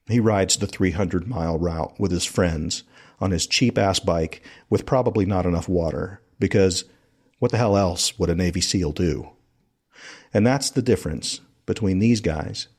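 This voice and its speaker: A man with a low voice narrates a podcast in a relaxed, storytelling way. He is from South Carolina and talks to listeners as if recounting a trip with friends. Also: unhurried, husky. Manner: conversational storytelling. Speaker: podcast host.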